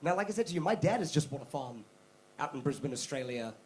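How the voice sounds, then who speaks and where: A young man from South Africa performing a stand-up comedy set on a club stage, telling stories with animated mock voices. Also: medium pitch, fast talker, a little hiss or hum, low-quality recording. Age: young adult.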